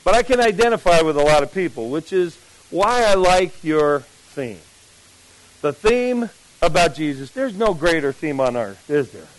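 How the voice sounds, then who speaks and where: A man's voice: fairly high pitch, normal speed, poor audio. A middle-aged man from New Jersey preaching a sermon at a camp meeting, telling chatty stories with asides to the congregation. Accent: mixed American, mostly lost New Jersey. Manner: chatty storyteller, animated asides to the audience. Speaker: pastor.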